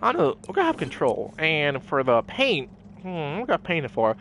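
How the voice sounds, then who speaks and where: A man doing casual let's-play commentary, excitable and goofy, playfully scolding characters in the game. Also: fairly high pitch, normal speed, vocal fry, a little hiss or hum. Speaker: gameplay commentator.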